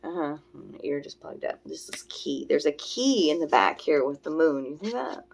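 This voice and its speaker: A woman giving a spiritual oracle card reading. She talks in an earnest, rambling way, often checking in with "you know" and "okay?", and slows down on her affirmations. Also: sits low, sing-song, creaky, slight background noise.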